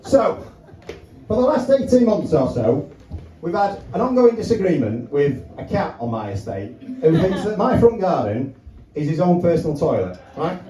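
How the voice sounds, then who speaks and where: Recorded from a distance, a high-pitched man performs stand-up in a small pub comedy room, chatty and swearing as he acts out phone calls. He holds a handheld mic while a tripod camera films from afar, capturing a roomy pub sound and the laughing crowd behind him.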